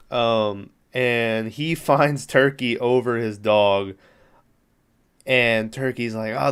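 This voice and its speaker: Podcast host, male, smooth clear voice, loose profane plot recap with lots of fillers. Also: medium pitch. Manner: rambling, profane, amused. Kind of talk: casual movie recap.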